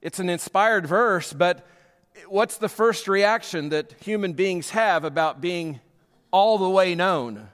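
Male pastor, emphatic sermon delivery, slightly high voice, echoing sanctuary. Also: slow, fairly bright tone. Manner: emphatic preaching, rising and falling in force.

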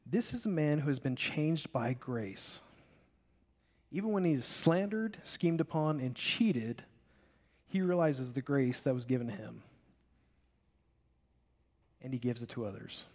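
A young man preaching a sermon, telling biblical stories in an animated way and acting out the characters. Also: mid-range voice, a little slow, pauses often. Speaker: pastor. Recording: long reverb of a large hall.

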